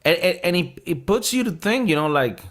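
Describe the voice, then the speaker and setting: A man's voice: high voice, lively intonation, brisk, fairly bright tone. Rambling, foul-mouthed man chatting. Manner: rambling, thinking aloud with many fillers and restarts; swears freely and laughs often. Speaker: podcast host reviewing a movie. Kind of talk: casual chat.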